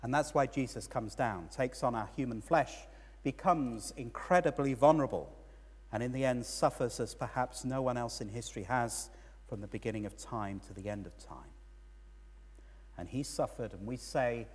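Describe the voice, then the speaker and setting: Husky guy preaching a sermon, storytelling, lots of long church echo. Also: mid-range voice, moderate pace. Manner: storytelling, rising and falling emphasis. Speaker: priest.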